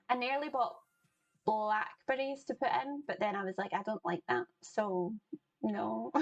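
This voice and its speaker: A woman's voice: a little high, low-quality recording. A woman hosting a live cooking stream, chatting casually with viewers and greeting them by name as she cooks. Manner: chatty, greets chat by name, laughs often. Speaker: livestream cooking host. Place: home kitchen.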